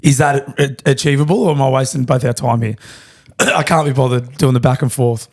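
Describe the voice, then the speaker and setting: Young aussie guy rattling off a story quick, swears heaps, laughs loads. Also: medium pitch. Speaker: podcast co-host. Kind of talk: casual chat.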